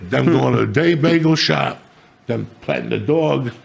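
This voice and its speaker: A man's voice: mid-range voice, unhurried. A middle-aged man hosting a podcast, telling crude, rambling stories full of swearing. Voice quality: gravelly. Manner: profane, rambling, animated. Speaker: podcast host. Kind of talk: crude casual storytelling.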